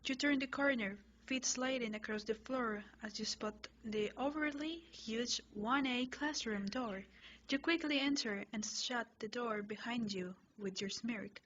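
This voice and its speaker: A woman reads a second-person fanfiction story aloud in a plain, slightly stumbling way. Her voice sits a little high. The sound is slightly muffled, with a faint hiss from a home recording. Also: a little slow, a bit bright. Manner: plain reading with small stumbles. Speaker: fanfiction reader.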